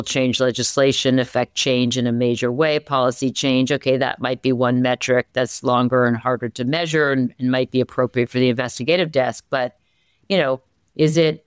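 A smooth, clear voice that stays mid-pitched but jumps up with enthusiasm as this newspaper executive from the Philadelphia area talks shop in an interview. The sound is close and dry, with no room around it. The talk is quick and full of restarts. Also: no room sound. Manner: energetic, animated, many restarts. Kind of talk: conversational interview.

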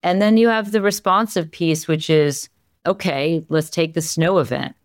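A smooth, clear voice that stays mid-pitched but jumps up with enthusiasm as this newspaper executive from the Philadelphia area talks shop in an interview. The sound is close and dry, with no room around it. The talk is quick and full of restarts. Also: no echo. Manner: energetic, animated, many restarts. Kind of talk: conversational interview.

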